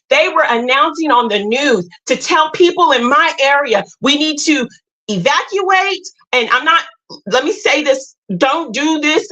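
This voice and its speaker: A woman with a high, sharp voice talks straight to her livestream viewers. She is emphatic and blunt, with a preachy edge as she lays out her spiritual views. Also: rough recording. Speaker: livestream host. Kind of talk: impassioned spiritual talk to viewers.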